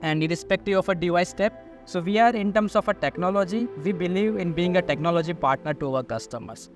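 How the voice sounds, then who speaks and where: A man's voice: sits high, quick pace, music in the background. A man being interviewed as a sales manager, explaining in long, listing sentences that he keeps linking with "so". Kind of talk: business interview answers.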